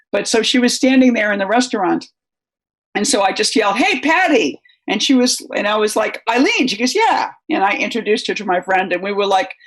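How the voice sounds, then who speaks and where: An older American woman, a guest writer, answering interview questions in a rambling, anecdotal way with many fillers. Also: medium pitch.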